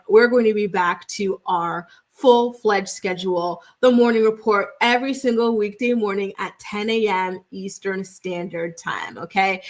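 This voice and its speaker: A woman hosting a gossip livestream, reading viewer comments in a chatty, rambling way full of fillers. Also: mid-range voice. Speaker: host.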